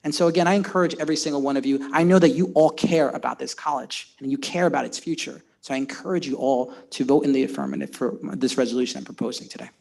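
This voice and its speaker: A man's voice: medium pitch, quick pace, vocal fry, few pauses, darkish tone. A man, a county legislator, making an impassioned floor speech at a public session, repeating and restarting words as he builds his case. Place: legislative chamber.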